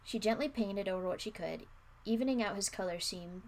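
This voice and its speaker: With a medium-pitched, brisk voice over a faint hiss or hum, a young woman streamer reads out a story she wrote long ago. Casual, self-deprecating quips interrupt the reading.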